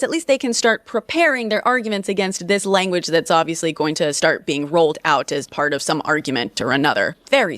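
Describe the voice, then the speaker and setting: A woman commenting on politics at a fast clip, her voice dry and close to the mic. She explains point by point and drops wry asides along the way. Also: medium pitch, a bit bright, no echo. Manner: brisk, explanatory, sardonic asides. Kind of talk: reaction commentary.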